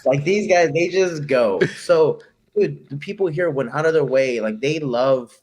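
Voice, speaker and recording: A young man from Chicago, a fighter being interviewed, telling stories in an animated, quick, casual way and acting out what people said. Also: fairly high pitch, slight background noise. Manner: animated, quick, acts out quoted voices. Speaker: guest fighter.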